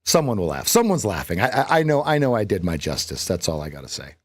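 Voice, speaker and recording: A man's voice: on the low side, huge pitch swings, quick pace, no room sound, studio quality. A man hosting a live trading stream as coach, thinking aloud through numbers and joking at his own lines. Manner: chatty, jokes at his own lines and laughs at them.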